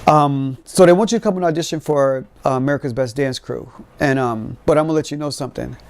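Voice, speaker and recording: A man hosting a podcast, telling lively, streetwise stories and acting out beats with his mouth. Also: mid-range voice, fast talker, vocal fry. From Cincinnati. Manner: animated, streetwise storytelling with sound effects. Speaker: podcast host. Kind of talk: storytelling.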